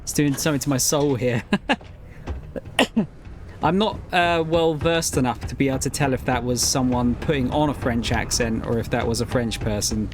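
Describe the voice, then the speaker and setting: A man's voice: medium pitch, steady tone, normal speed, a little hiss or hum. A man chatting wryly while he plays and comments on a game. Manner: chatty, wry. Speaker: streamer. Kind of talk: casual gameplay commentary.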